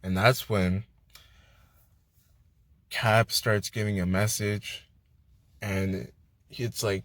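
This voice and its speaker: A young man giving a casual spoiler movie review, excitable, slangy and full of swearing. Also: fairly low pitch, drawn-out words, pauses often, no echo. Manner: hyped, profane, slangy storytelling.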